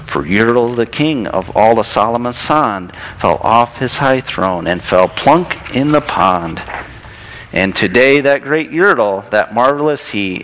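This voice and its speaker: A male pastor with an average-pitched voice, giving a sermon. He talks in a relaxed, conversational way and pokes gentle fun at himself. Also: a little hiss or hum, poor audio. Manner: relaxed, self-deprecating, conversational.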